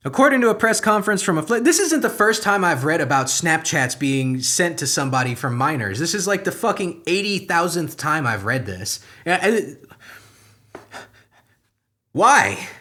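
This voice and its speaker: A man's voice: a little high, very animated, normal speed, bright, forceful tone. Sarcastic young man ranting about news. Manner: sarcastic, exasperated, swings between muttering and outbursts. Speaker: comedy podcast host. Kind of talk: profane comedic news commentary.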